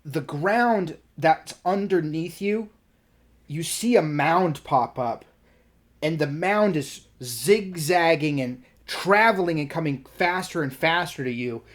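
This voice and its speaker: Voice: medium pitch, lively intonation, slow pace. A game master narrating a tabletop game in a casual way, with many fillers and restarts.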